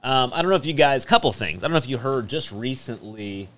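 A man's voice: mid-range voice, expressive, brisk, a bit bright, a little hiss or hum. Jokey man hosting a talk show. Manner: jokey, reads aloud with a hammy mock German lilt. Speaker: podcast host. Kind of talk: casual radio banter.

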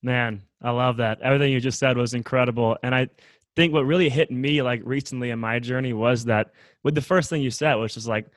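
A man hosting an interview, talking casually and relaxed with many fillers. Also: medium pitch, a little fast, no echo. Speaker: host. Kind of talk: casual chat.

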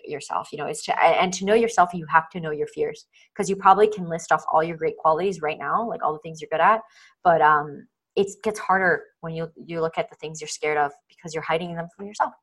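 A woman's voice: on the low side, brisk, a bit bright, low-quality recording. A woman guest on a podcast talking casually and earnestly, full of fillers and acting out inner voices, over a video call. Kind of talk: casual interview chat.

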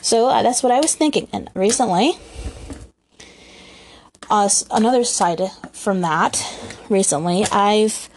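In a room at home, with slight background noise behind her, a young woman hosts her podcast solo, chatting and rambling casually with plenty of laughter. Her girlish voice sits at medium pitch, and she speaks unhurriedly with long pauses.

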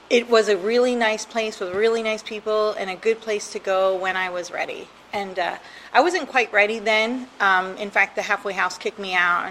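A middle-aged woman from New Jersey recounts her past in a frank, self-mocking way and laughs often as she goes. Her voice sits in a middle pitch. A faint hiss runs under the recording. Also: sharp tone, rough recording. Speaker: guest sharing her recovery story. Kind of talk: personal storytelling.

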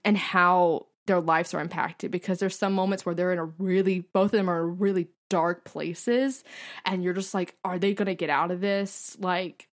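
A young woman co-hosting a podcast, chatting casually and animatedly, full of fillers and excited asides. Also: on the low side, moderate pace. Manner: gushing, animated storytelling with many fillers. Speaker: podcast co-host. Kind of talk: casual chat.

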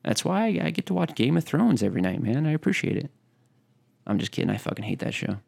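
Man, gravelly, low, lively swings in pitch, joking podcast co-host, profane banter. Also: quick pace. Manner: joking, profane, mock-sincere. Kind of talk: casual banter.

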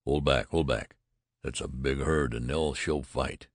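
A man's voice: rumbling low, fairly even intonation, unhurried, no echo, clean studio sound. A man reading a level-headed veteran plainsman hunter who calls out firm commands. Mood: urgent.

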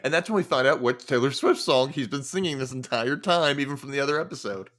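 A man's voice: medium pitch, fast talker, a bit bright. A man hosting a podcast, chatting casually and breaking into laughter often. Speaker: podcast host.

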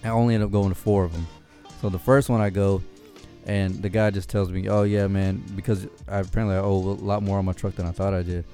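Low-voiced man telling a casual story. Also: flat delivery, fast talker, soft background music. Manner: laughing, profane, gets loud and high when worked up.

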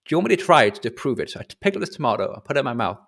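A man hosting a casual podcast chat, telling a story in an animated, chatty way. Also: mid-range voice, very fast, gravelly. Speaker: podcast host.

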